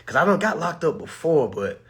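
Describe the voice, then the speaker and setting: A man telling a personal story to his viewers in a casual, animated, profane way, calling them y'all. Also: on the high side, fairly quick. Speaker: vlogger.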